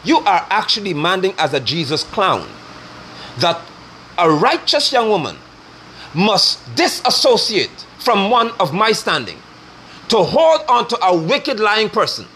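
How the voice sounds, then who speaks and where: Fiery preacher, high and lively. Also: male voice, a little slow, a little hiss or hum. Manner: forceful, scolding, preaching. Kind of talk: fiery online sermon.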